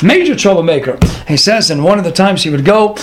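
A man telling a religious story in an animated, dramatic way, sprinkling in Hebrew and Yiddish words. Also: high-pitched, brisk, background noise. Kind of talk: storytelling sermon.

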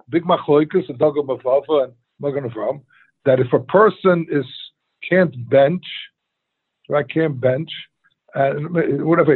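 A man's voice: on the high side, slightly rough. A man teaching a Talmud class in an informal, rambling way, full of restarts, rhetorical questions and Hebrew and Yiddish terms. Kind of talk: informal Torah lecture. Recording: tinny phone-line quality.

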